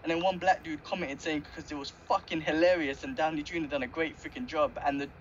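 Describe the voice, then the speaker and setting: A man's voice: fairly high pitch, fast. Chatty man, slightly dull audio. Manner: animated, laughs often, says "man" and "mate". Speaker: podcast co-host. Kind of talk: casual chat. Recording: slightly dull audio with faint background noise.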